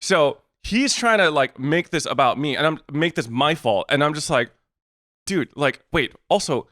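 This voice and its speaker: This podcast co-host has a fairly high, fairly bright voice with lively intonation and a moderate pace. Chatting casually, he retells a story, acts out both sides of the exchange and swears in exasperation. The recording is dry and studio quality.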